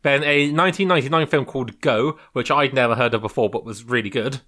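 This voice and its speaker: A man's voice: mid-range voice, fast, pushed and bright. A man co-hosting a casual podcast chat, rambling with frequent ums and restarts. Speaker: podcast co-host.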